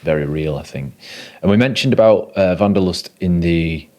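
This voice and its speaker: A man hosting a podcast, talking in a relaxed, reflective way with casual British slang. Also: low voice, moderate pace. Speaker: podcast host. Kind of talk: casual interview chat.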